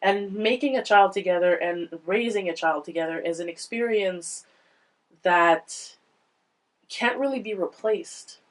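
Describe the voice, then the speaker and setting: A woman panellist on a podcast, talking through a children's book in a thoughtful, halting way. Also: medium pitch, poor audio. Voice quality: halting, restarts often, thoughtful. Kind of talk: casual book discussion.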